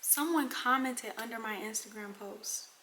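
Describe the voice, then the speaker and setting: Young woman, vlogger, casual storytime, bright high voice, dramatic asides to viewers. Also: normal speed, a little hiss or hum. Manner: animated, drops into dramatic whispers; addresses viewers as y'all.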